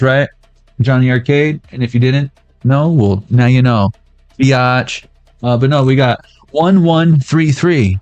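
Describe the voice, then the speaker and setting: A man's voice: mid-range voice, a little mellow, dry recording. A man giving a casual pick-a-deck tarot reading, joking around in a playful, slangy way. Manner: playful and jokey, slangy banter. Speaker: tarot reader.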